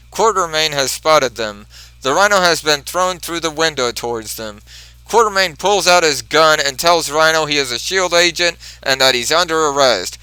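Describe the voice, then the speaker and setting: A man's voice: a little high, pushed and bright, clean tone, no room sound, poor audio. A man reviewing a comic book, retelling the story step by step. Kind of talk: comic book recap narration.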